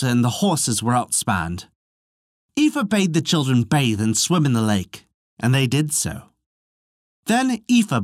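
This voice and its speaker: A podcast storyteller reading an old legend in a measured, expressive voice. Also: mid-range voice, no room sound, studio quality. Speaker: storyteller narrating folklore. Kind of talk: audiobook-style narration.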